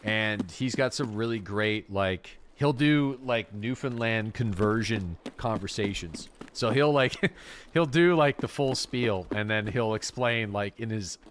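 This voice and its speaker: A man's voice: fairly low pitch, a little hiss or hum. A man from Atlantic Canada, chatting casually and swearing freely while he streams a game. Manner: animated, swearing, quick to laugh. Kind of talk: casual livestream chat while gaming.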